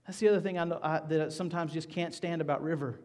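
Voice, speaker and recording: A middle-aged man preaching a sermon, rising loud for scripture reading and dropping to soft, hushed appeals. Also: fairly high pitch, steady tone, quick pace. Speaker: pastor.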